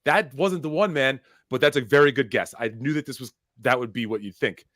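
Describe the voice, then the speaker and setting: A man's voice: medium pitch, brisk, fairly bright tone, dry recording, studio quality. A man hosting a casual chat, rambling and swearing freely, with lots of fillers and restarts. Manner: rambling, profane, emotional, many fillers. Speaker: host.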